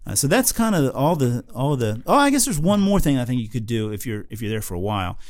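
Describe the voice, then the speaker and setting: A man's voice: mid-range voice, very animated, fast talker, no room sound, studio quality. An American man co-hosting a podcast, telling a travel story in casual chat, rambling with lots of fillers and restarts. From United States. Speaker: podcast co-host.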